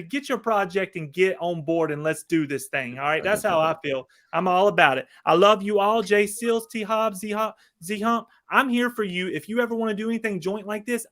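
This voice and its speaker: A man with a drawl speaks as a guest on a live stream, folksy and fired up. His voice is notably high for a man, and he keeps the energy up as he talks straight to viewers. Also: fairly bright tone. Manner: folksy, upbeat and hyped. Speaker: guest YouTuber. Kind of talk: casual live-stream chat.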